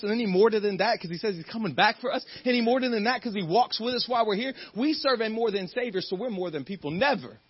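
A male guest preacher with a high voice and a slightly husky edge, delivering a lively sermon. He swings into playful character voices and builds to loud, fired-up peaks. The sound is dry and somewhat dull. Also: no room sound. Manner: animated, acts out the characters in the story.

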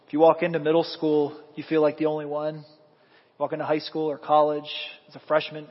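A man preaching a sermon as pastor, animated and quizzing the congregation with questions. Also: on the high side, brisk. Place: church sanctuary. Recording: echoey hall, dull lo-fi sound.

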